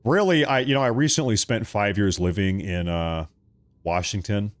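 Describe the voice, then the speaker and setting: Speaking at a normal pace in a low-leaning voice, a political livestream host from Oregon works through viewer messages and jokes between rants. His delivery is animated and full of laughter, captured in a dry recording.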